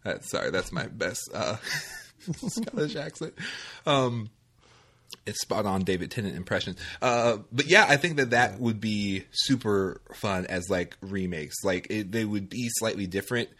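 Casting: very low-voiced male podcast co-host, loose rambling delivery, quick to laugh. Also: fairly bright tone. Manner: rambling, filler-heavy, laughs easily. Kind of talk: casual film discussion.

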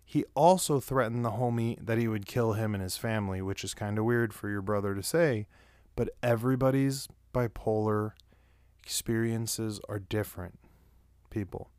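A man's voice: fairly low pitch, normal speed, a little mellow, no room sound. Swearing man telling stories, dry sound. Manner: rambling, heavy swearing. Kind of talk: casual storytelling.

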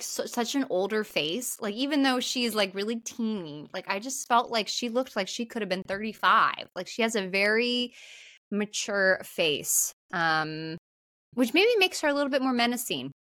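A woman's voice: mid-range voice, a bit bright, no echo. A woman co-hosting a podcast, recapping a movie in casual, chatty talk with plenty of fillers and some swearing. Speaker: podcast co-host.

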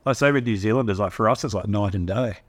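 A man's voice: lowish voice, fast. An Australian man in casual podcast chat, laid-back and asking questions. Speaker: podcast co-host.

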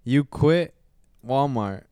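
Smooth-voiced laid-back young man. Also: medium pitch, slow, no room sound. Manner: relaxed, swears casually. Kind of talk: casual chat among friends.

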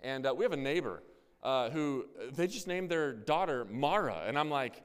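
A man's voice: mid-range voice, animated, normal speed, clear, resonant tone. A man in his thirties preaching a sermon, casual and self-deprecating as he tells a family story. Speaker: pastor. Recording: hall with long reverb.

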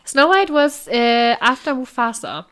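A woman's voice: sits high, big pitch swings, a little slow, a bit bright. A woman co-hosting a casual podcast, her nose stuffed up. She chats loosely, laughs often and trails off mid-thought. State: blocked nose. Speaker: podcast co-host. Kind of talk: casual chat.

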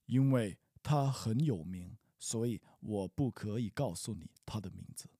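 A man's voice: lowish voice, animated, normal speed, warm tone, breathy edge, no room sound, studio quality. A man reading the part of a boastful, secretive young man in a practice dialogue, teasing and evasive.

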